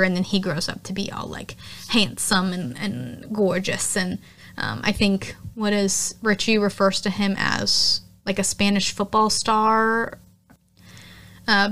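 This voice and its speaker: A woman hosting a podcast, chatting casually through a horror movie recap, often quoting characters in lively voices. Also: medium pitch, clean tone. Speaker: podcast host.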